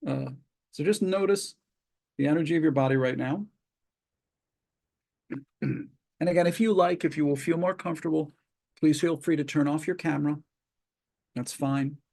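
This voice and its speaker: A man with a fairly high pitch and vocal fry, a psychologist hosting a webinar, speaks over a video call. He calmly talks listeners through progressive muscle relaxation, giving slow step-by-step cues with long pauses.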